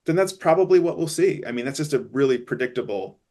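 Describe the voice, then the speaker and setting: A man on a webinar panel, thinking aloud in a halting, thoughtful way with many restarts. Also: mid-range voice, lively intonation, mellow. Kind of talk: casual conversational talk.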